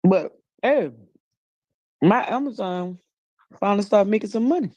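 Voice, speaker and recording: Brief: woman co-host, casual storyteller, lively and laughing, dark mellow voice, dry close sound. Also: measured pace, dry recording, highs cut off. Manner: animated storyteller, laughs often, jumps into high voices for quotes. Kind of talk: casual chat.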